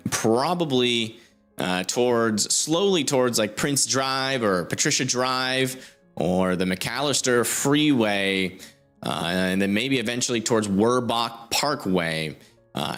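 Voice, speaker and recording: A man's voice: medium pitch, unhurried, a bit bright, soft background music. A young man hosting a live weather stream, commenting informally on a storm on radar, thinking aloud with many fillers. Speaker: storm chaser livestream host.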